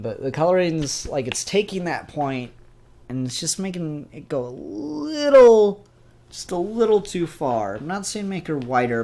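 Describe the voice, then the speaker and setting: A man's voice: mid-range voice, a little mellow. A young man giving a casual spoken review of comics, in a rambling, chatty and upbeat way.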